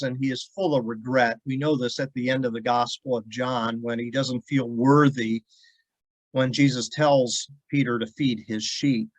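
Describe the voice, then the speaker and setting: A man's voice: fairly high pitch, low-quality recording. A man as a pastor giving an earnest devotional sermon and reading scripture, stressing points by repeating words. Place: church devotional video.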